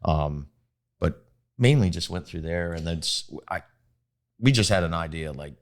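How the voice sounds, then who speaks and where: Man, young adult, very deep voice, easygoing storyteller, podcast guest. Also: expressive, moderate pace. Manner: easygoing storyteller, laughs at himself. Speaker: interview guest, groom. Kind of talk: casual podcast conversation.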